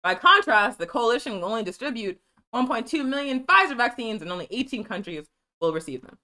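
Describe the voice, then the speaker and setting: A woman's voice: a little high, expressive, a little fast, sharp tone. A woman hosting a political news show, reading articles aloud and then ranting angrily with heavy profanity.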